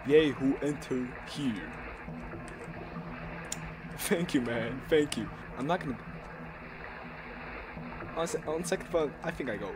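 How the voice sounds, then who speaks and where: Loud jumpy young man gaming. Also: mid-range voice, slow pace, long pauses, background noise. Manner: swearing, jumpy, yelps and screams at scares; loud, excitable, repeats himself. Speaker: gaming YouTuber. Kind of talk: horror game let's play commentary.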